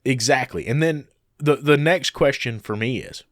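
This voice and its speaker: A man's voice: mid-range voice, moderate pace, no echo, studio quality. A man co-hosting a podcast, animatedly telling stories and acting out the people he quotes. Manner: animated storyteller who acts out quoted people. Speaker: podcast co-host. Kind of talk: casual podcast chat.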